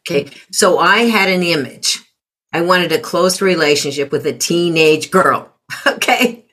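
A middle-aged woman speaks in a somewhat low voice, talking through parenting advice in a relaxed interview. She is reflective and often slips into other voices to act out remarks she quotes. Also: unhurried. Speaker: parenting guest. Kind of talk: conversational interview.

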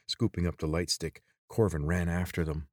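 Man, audiobook narrator, deep, husky, steady telling. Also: moderate pace, no echo, clean studio sound.

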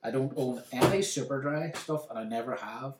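A man's voice: mid-range voice, normal speed, roomy sound, distant mic, heavy background noise. A man with a Northern Irish accent, co-hosting a casual podcast with his wife at home, dry and joking as he banters back. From Northern Ireland. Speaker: podcast co-host. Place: home kitchen.

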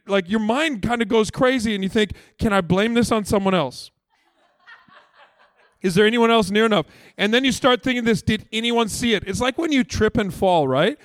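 A man's voice: sits high, dry recording. A man preaching a church sermon as pastor, earnest and emphatic, with chatty asides to the congregation. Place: church service.

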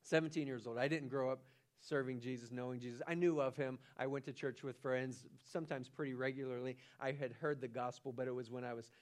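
A man preaching a sermon as pastor, animated, often restarting and repeating his words. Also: mid-range voice, a little fast. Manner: animated, acts out the angel's lines with rising excitement.

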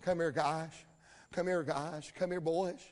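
Forgiving biblical ruler, put on by a preacher, high male voice, slow, earnest, hall reverb. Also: steady tone, a little mellow, natural voice. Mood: gentle. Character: merciful biblical ruler, grown man, calm and forgiving.

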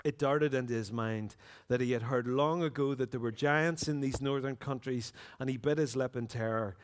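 Northern Irish pastor reading a story. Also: male voice, mid-range voice, normal speed, slight background noise. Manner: expressive storyteller, earnest. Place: church.

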